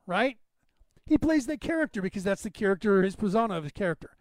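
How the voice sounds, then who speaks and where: A man's voice: sits high, quick pace, darkish tone, no room sound. A man hosting a podcast, talking in a rambling, emphatic way and calling out listeners by name. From Northern California. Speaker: podcast host. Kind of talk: casual monologue to listeners.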